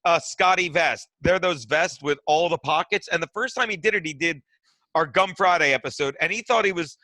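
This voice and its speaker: A man's voice: on the high side, a little fast, pushed and bright, no echo. A middle-aged man, a comedian guest, rambling through profane stories in casual podcast chat. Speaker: guest comedian and radio host.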